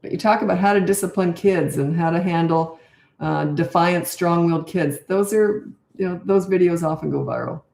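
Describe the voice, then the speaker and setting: Older lady parenting coach, blunt, thinks out loud, kinda low voice, echoey room. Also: moderate pace, gravelly. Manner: blunt, off-the-cuff, thinks aloud with restarts. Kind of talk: casual live Q&A, answering viewer questions.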